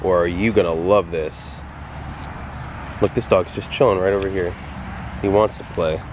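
A man's voice: deep voice, steady tone, moderate pace, noisy background. A man vlogging at an outdoor dog park, teasing his dog in casual, playful talk. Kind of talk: casual vlog narration.

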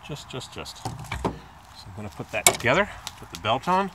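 A man's voice: very animated, brisk, heavy background noise. A man talking casually while repairing his car, rambling and chatty, filming on a handheld phone. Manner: rambling, chatty, imitates squeaks in a high voice. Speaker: car repair video maker. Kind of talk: casual hands-on repair talk. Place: outdoors by a car in a driveway. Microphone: phone camera held in hand.

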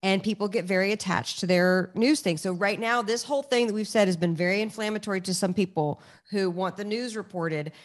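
A woman's voice: mid-range voice, fairly quick, few pauses. A woman co-hosts a podcast with easy, playful banter. She laughs often and keeps the tone light. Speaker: podcast co-host. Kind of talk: casual chat.

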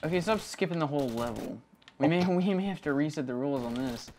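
A man's voice: a little high, expressive, fast, darkish tone, a little hiss or hum. A young man playing as a guest, chatting casually with wry jokes during the game. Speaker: guest player. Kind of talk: casual gameplay chat.

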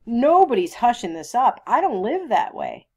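A woman's voice: on the high side, sing-song, normal speed, mellow, slightly rough, voice pushed up, heavily acted. A woman reading as an earnest lawyer father. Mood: firm. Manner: earnest, firm and courteous. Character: calm principled small-town lawyer father, middle-aged man.

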